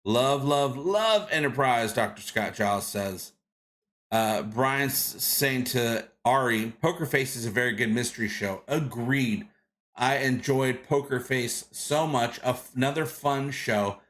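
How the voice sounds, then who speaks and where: A man's voice: mid-range voice, measured pace, a bit bright. Rambling enthusiastic male live-stream host. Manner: rambling with frequent restarts and fillers; enthusiastic, greets viewers by name. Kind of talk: casual live-stream chat reading comments.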